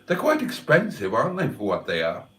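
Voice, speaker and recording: A man's voice: mid-range voice, huge pitch swings, brisk, fairly bright tone, recorded from a distance. A man hosting a livestream and reading out chat in a playful, wry, mock-theatrical way. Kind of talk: casual chat.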